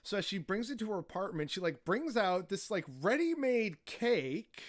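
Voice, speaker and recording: A man's voice: sits high, sing-song, moderate pace. A man telling travel stories as a podcast guest, rambling casually and filling his talk with "like" and "you know". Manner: rambling, heavy on filler words like "like" and "you know".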